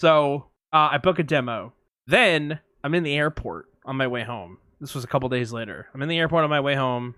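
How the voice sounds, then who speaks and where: A man co-hosting a podcast, telling anecdotes in a casual, animated way and acting out voices and sounds. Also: mid-range voice, a little fast, dry recording, studio quality. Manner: animated storyteller, acts out voices and sirens. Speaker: podcast co-host. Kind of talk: casual storytelling chat.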